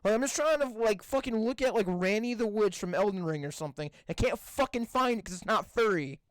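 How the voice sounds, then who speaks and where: A man's voice: high-pitched, lively intonation, dry recording. A young man co-hosting a podcast, swearing a lot and sounding exasperated in crude casual banter. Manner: profane, exasperated, spells words out slowly. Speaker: podcast co-host.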